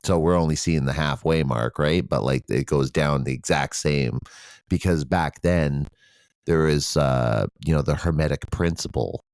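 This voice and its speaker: A man's voice: extremely low pitch, unhurried, a little mellow, no room sound, clean studio sound. A man co-hosting a podcast, talking casually in a rambling way with frequent swearing and fillers. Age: adult with children. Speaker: podcast co-host. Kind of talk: casual conversation.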